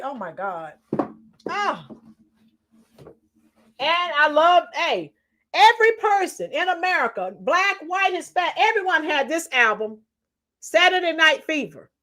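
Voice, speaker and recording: Teacher lady chatting on her live stream, slow easy pace, voice worn out, keeps singing bits of old songs. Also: very high voice, very animated, a bit bright. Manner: chatty, bursts into singing song lines. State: tired, strained voice. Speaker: livestream host. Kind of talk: casual live chat reading comments.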